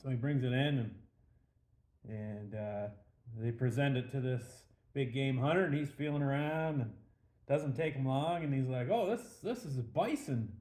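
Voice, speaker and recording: Mellow-voiced man telling a joke. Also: medium pitch, moderate pace. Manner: relaxed, rambling with fillers. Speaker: host of a beer and joke show. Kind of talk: casual beer review and joke telling. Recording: echoey room.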